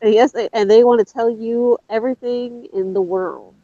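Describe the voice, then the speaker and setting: A woman co-hosting a casual chat show, making quick exasperated asides. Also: fairly high pitch, fairly even intonation, dull audio, over a noisy crowd. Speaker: podcast co-host.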